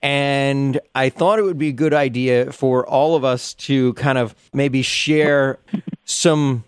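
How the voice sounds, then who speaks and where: Smooth-voiced male radio host. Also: mid-range voice, slow pace, no room sound, studio quality. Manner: relaxed, hesitant with fillers. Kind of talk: casual radio talk.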